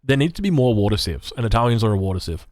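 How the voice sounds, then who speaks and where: A man's voice: lowish voice, big pitch swings, very fast, a little mellow, dry recording, studio quality. An Australian man streaming a strategy game, rambling casually and reading chat aloud. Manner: rambling, chatty, swears, reads chat aloud.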